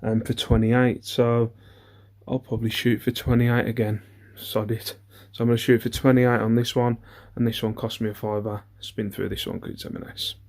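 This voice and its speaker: A man's voice: mid-range voice, flat delivery, normal speed, darkish tone. Bloke rambling through his haul, chatty, ums everywhere, laughs at himself. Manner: chatty, rambling, self-deprecating, many ums. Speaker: eBay reseller. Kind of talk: casual haul vlog.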